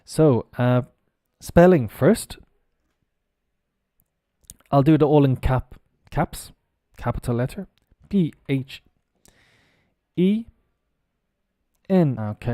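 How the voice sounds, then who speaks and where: A man from Ireland teaching English on a live stream, who spells words out slowly letter by letter and explains how they are pronounced. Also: medium pitch, warm tone, no echo, clean studio sound. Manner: explains pronunciation while working on screen.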